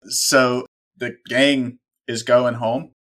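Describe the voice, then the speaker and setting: A man's voice: medium pitch, level tone, extremely slow, fairly bright tone. A man co-hosting a casual talk show, making wry, sarcastic asides. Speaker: podcast co-host. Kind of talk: casual chat.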